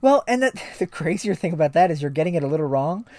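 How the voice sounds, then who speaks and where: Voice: medium pitch, lively intonation, fast, a little mellow, dry recording. Rambling, profane podcast co-host on a dry close mic. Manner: rambling, many restarts and fillers, swears. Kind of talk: casual comedic chat.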